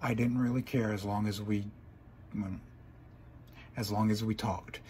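A man's voice: on the low side, fairly even intonation, a little slow, darkish tone, slight background noise. A man reading a first-person fan story aloud in an earnest, dramatic way. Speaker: story reader.

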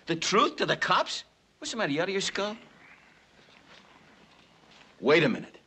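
A streetwise New gangster boss in a 1960s film, talking in slang and wheedling his way toward a deal. The voice rides high and bright, with a husky edge, and it swoops about freely as he bargains. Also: sing-song, quick pace, exaggerated voice. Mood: scheming. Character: fast-talking big-city gangster boss, man.

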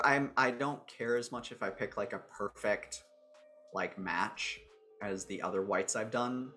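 A livestream host walks through a character builder in a low, fairly bright voice with vocal fry. He keeps it casual, musing aloud and cracking self-deprecating jokes.

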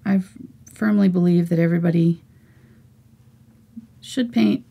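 A woman in her forties teaching a live painting lesson, chatty and encouraging, often slipping into soft whispers as she works. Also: fairly low pitch, unhurried, gravelly. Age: 40s. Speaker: art teacher.

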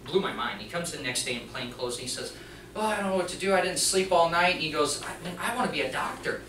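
A mechanics teacher giving an animated storytelling talk to an audience, acting out the other people in the story. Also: mid-range voice, quick pace, slight background noise. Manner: animated, acts out the dialogue of others. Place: presentation room before an audience. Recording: echoey room, voice from a distance.

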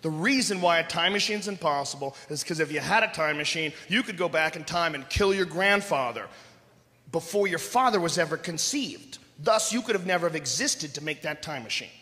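A man voicing a smug know-it-all fan who lectures slowly and condescendingly about science. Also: fairly high pitch, animated, sharp tone, voice pushed down. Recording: echoey hall with audience noise.

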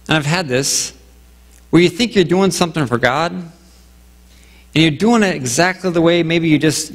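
A man's voice: fairly high pitch, long reverb tail. A man pastor preaching a sermon in a conversational way, acting out little asides and asking rhetorical questions of the congregation. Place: church sanctuary.

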